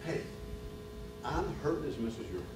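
A man's voice: a little high, sing-song, fairly quick. Middle-aged man preaching a sermon, distant mic, big echo, music underneath. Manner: storytelling that builds to loud preaching. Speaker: retreat speaker. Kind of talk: sermon with a personal story. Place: church retreat hall. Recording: echoey hall, far from mic, music behind.

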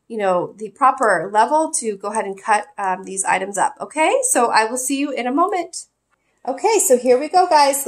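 A woman giving a casual, enthusiastic product review at home, gushing and talking with many fillers. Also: fairly high pitch. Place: home kitchen.

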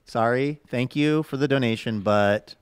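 Brief: male co-host, mid-pitched, rambling and self-deprecating, dead-dry studio mic. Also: measured pace, clean tone, no echo. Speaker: podcast host. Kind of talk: casual comedic chat.

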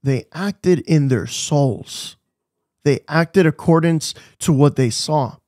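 A man's voice: on the high side, takes it slowly, a little mellow, dry recording, clean studio sound. A man preaching a devotional sermon, asking the listeners questions and repeating his key phrases with emphasis.

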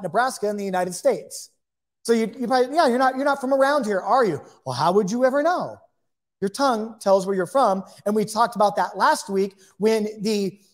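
Man giving a chatty Bible lesson. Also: high-pitched. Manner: conversational, with chatty asides and repeated phrases. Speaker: Bible teacher. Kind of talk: informal Bible teaching.

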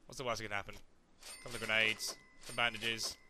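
A young man chatting through a video game playthrough in a jokey, excitable way. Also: fairly low pitch, fairly quick, slight background noise. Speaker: let's play gamer. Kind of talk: casual game commentary.

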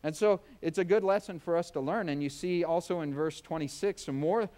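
A man's voice: a little high, brisk, dark tone. A man preaching a sermon as pastor, folksy and joking, acting out voices to make his points. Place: church.

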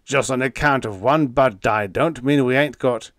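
A man doing a gruff old ship captain. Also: medium pitch, moderate pace, no room sound, clean studio sound, pitched above the performer's own voice, close to an everyday voice. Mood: blustering. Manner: folksy grammar, blustering.

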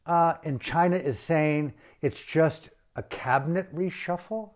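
Guy ranting, blunt and sweary, voice on the high side. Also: a little slow. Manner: blunt, profane, outraged. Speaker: activist. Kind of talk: impassioned video rant.

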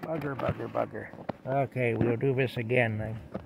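A man's voice: mid-range voice, fairly even intonation, moderate pace, gravelly, very noisy. A middle-aged man telling a rambling, folksy story to his phone while outdoors in a blizzard. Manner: rambling, folksy, chuckling between thoughts. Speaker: vlogger. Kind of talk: casual storytelling to camera. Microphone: phone held in hand.

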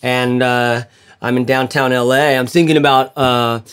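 A man's voice: medium pitch, steady tone, moderate pace, fairly bright tone, clean tone, pitched below the performer's own voice, close to an everyday voice. A man mimics a laid-back artisanal hipster guy, easygoing and drawling. It comes across as a light mocking impression within a casual vlog.

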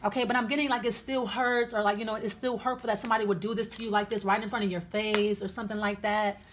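A woman's voice: medium pitch, steady tone, fast talker, a little hiss or hum. A woman giving a casual tarot reading, blunt and chatty, with many fillers and restarts. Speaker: tarot reader.

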